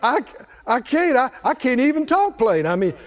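A man's voice: very high-pitched, big pitch swings, moderate pace. A man preaching plays a reluctant older male prophet who stammers and makes nervous excuses. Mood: pleading.

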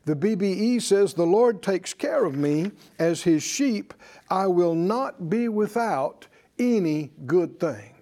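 A man's voice: high voice, animated, slow, warm tone. A man preaching a sermon to a congregation, emphatic and leading them in call-and-response. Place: church service with congregation.

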